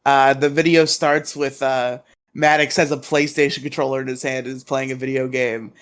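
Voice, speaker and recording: A man's voice: mid-range voice, flat delivery, normal speed, clear, resonant tone. A man co-hosting a podcast in casual chat, opinionated and swearing, laughing easily. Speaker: podcast co-host.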